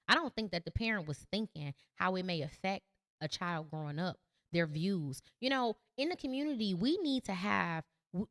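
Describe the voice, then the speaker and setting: A woman's voice: mid-range voice, no echo, clean studio sound. A woman hosting a podcast, giving earnest, emphatic commentary on a video she is reacting to. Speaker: podcast host. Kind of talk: opinionated commentary.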